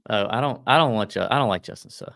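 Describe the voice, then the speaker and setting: A man co-hosting a golf betting podcast, talking in a quick, loose, joking way. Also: on the low side, gravelly, fairly bright tone, dry recording, clean studio sound. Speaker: podcast co-host. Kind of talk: casual golf betting chat.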